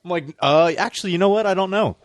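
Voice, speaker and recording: A man in casual crude chat, riffing jokes quickly and laughing along. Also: high voice, no echo, clean studio sound.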